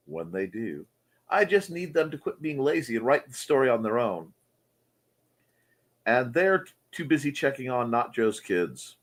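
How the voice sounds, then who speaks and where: A man's voice: mid-range voice, a bit bright. A man hosting a casual livestream chat from home, playful and chatty as he reads comments. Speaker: host. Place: home room.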